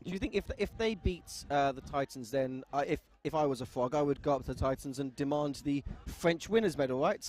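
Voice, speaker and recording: A man's voice: on the high side, brisk, few pauses, darkish tone. Teasing male sports commentator. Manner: teasing, dry-humored, banter.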